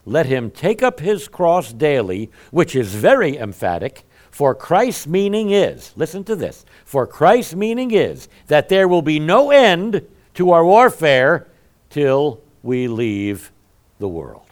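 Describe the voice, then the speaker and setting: A man preaching a sermon in a folksy, conversational way, often swinging from quiet asides to loud emphatic lines. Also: a little high, very animated, takes it slowly.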